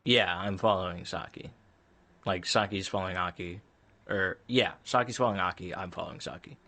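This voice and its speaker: A man's voice: low voice, fairly quick, sharp tone. A man playing a tabletop role-play game, casual and playful, swearing freely. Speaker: player.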